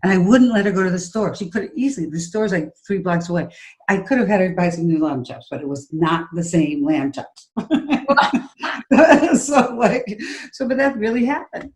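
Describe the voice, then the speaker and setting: A woman's voice: lowish voice, animated, moderate pace, darkish tone. A middle-aged woman acting coach talking in a conversational interview, telling stories with emphasis and acting out her own outbursts.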